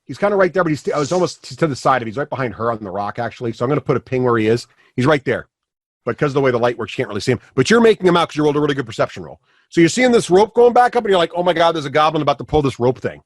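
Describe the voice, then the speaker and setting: A man's voice: medium pitch, expressive, rapid-fire, no room sound. A man running a tabletop game as game master, rambling with many fillers and restarts.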